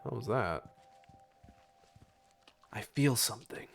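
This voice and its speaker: A man chats casually over a video game, sarcastic and quick to swear. His voice sits in an ordinary middle pitch. Faint music plays behind him. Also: animated, creaky. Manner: sarcastic, profane, reads game text aloud. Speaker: streamer. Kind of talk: casual gameplay commentary.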